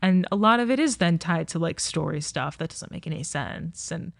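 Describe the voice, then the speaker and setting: A woman's voice: on the low side, expressive, normal speed, vocal fry, dry recording, studio quality. A woman hosting a podcast, talking casually and thoughtfully about a film, hedging with "I think" and "like". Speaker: podcast host. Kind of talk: casual film review chat.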